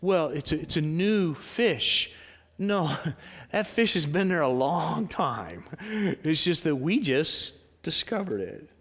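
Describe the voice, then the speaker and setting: A male pastor delivers a sermon in a loose, conversational way, full of rhetorical questions and quick asides to the congregation. His voice sits a little high for a man. The sound carries a long reverb from the church sanctuary. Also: expressive, fairly bright tone, slightly rough.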